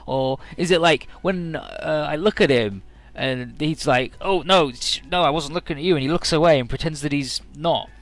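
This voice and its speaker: A man putting on the voice of a shrill, angry teenage schoolgirl in a mocking dub of game scenes, scolding in rapid rants. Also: dry recording, close to an everyday voice. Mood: shrill, annoyed.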